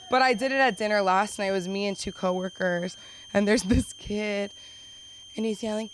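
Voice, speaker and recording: A woman's voice: mid-range voice, normal speed, slight background noise, rough recording. A young woman doing a stand-up set at an open mic, chatty and self-deprecating, often slipping into silly voices. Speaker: stand-up comedian. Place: comedy club stage.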